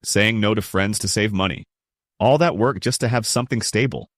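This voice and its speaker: Low-voiced man narrating a story. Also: normal speed, dry recording, clean studio sound. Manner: resentful, blunt. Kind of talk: first-person story narration.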